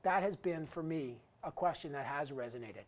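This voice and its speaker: A man's voice: fairly high pitch, lively intonation, normal speed. A man in his fifties giving an earnest, emphatic graduation address as an alumni guest speaker. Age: 50s. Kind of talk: recorded commencement address.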